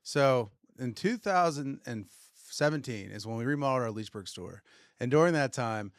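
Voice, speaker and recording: Animated male storyteller, dry sound. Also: mid-range voice, moderate pace, clear, resonant tone, no room sound. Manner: animated storyteller acting out quotes. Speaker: podcast co-host, retailer. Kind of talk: casual storytelling chat.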